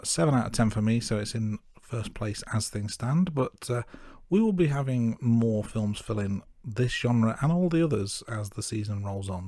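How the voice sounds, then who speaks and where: A man from the English Midlands co-hosting a casual film podcast, steady and dryly teasing. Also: lowish voice, no echo, studio quality. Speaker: podcast co-host.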